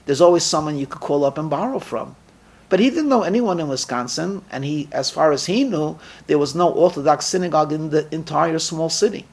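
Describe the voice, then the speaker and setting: Rabbi guy telling a story, kinda high voice, does little voices for the people in it. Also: fairly quick. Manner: lively storyteller, acts out dialogue. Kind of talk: storytelling sermon.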